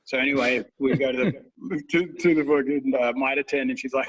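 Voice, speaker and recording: A man co-hosting a podcast rambles through casual stories and swears freely as he goes. His voice is a little husky, and he sits slightly back from the microphone, so the sound sits a bit distant. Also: mid-range voice, level tone, fairly quick, few pauses. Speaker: podcast co-host. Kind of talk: casual chat.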